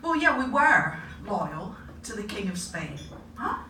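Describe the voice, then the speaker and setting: A woman putting on the voice of a matter-of-fact, know-it-all Dutch man, brisk and lecturing, in an echoey live room. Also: medium pitch, big pitch swings. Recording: echoey live room, distant mic, noisy.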